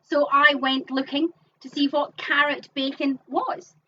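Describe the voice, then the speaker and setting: High bright woman calling bingo, far-off mic. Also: little pitch movement, a little slow, slight background noise. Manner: upbeat announcing, chatty asides. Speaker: bingo caller and co-host. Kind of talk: casual live-stream bingo calling. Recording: muffled, distant mic.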